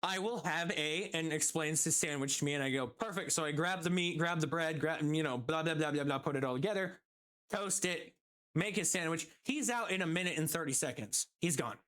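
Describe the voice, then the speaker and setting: Animated streamer telling a story. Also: medium pitch. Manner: animated, quick, acts out quotes. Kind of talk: casual storytelling on a live stream.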